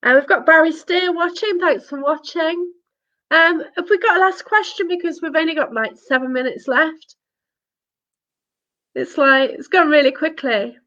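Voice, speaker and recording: A woman hosting a live chat stream, upbeat and quick to laugh. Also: very high-pitched, sharp tone, dull audio. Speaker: host.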